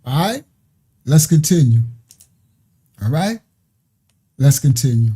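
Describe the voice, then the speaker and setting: Husky man preaching on a live stream. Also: mid-range voice, very animated, slow, dark tone. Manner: preachy, laughs and repeats himself. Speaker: ministry host.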